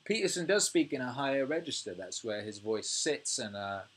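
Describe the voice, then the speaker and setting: A man's voice: mid-range voice, moderate pace, husky. Swearing British man ranting on a livestream. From United Kingdom. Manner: swears freely, animated rants, laughs often. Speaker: music producer and livestream host. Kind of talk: casual livestream chat reading viewer comments.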